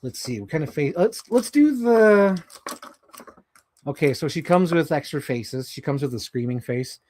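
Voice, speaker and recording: Male streamer, casual and animated, swears often, with a swinging, lively pitch. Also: normal speed. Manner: animated, swearing, jumps into high mock voices. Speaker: live streamer. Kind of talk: casual live stream chat while handling toy figures.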